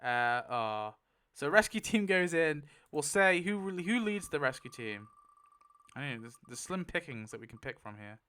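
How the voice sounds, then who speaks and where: Excitable man host, casual chat, laughs a lot, swears, bright clear voice. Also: on the high side, moderate pace. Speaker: YouTube host.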